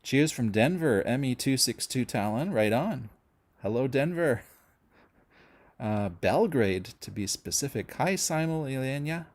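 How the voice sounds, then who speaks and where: A middle-aged man from Canada hosts a relaxed livestream, greeting viewers one by one. He talks in a rambling, friendly way, with plenty of "uh"s and restarts, and his voice sits at an ordinary middle pitch. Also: unhurried. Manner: chatty, friendly, rambling with many fillers and restarts. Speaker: host of a music channel livestream. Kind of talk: casual livestream chat reading viewer comments.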